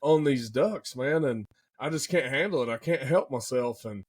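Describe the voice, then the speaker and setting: A young man, excitedly telling a hunting story in casual podcast chat, full of folksy slang. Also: mid-range voice, normal speed, husky.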